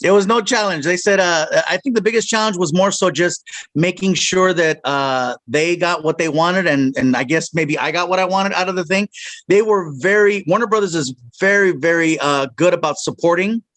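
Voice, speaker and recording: A man's voice: high-pitched, normal speed, a bit bright, dry recording. Joking male comedian telling a story. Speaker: voice actor and comedian. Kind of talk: casual interview storytelling.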